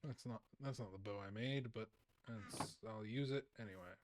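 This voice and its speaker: A man's voice: lowish voice, moderate pace, background noise. A young man streaming a game, rambling in casual commentary with frequent laughs and repeated words.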